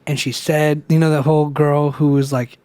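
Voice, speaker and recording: A young man with a slightly higher voice, chatting on a casual podcast. He rambles through a story, swears freely and acts out the people he quotes. The sound is close and dry. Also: level tone, moderate pace, darkish tone, smooth, no echo. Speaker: podcast co-host. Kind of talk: casual chat.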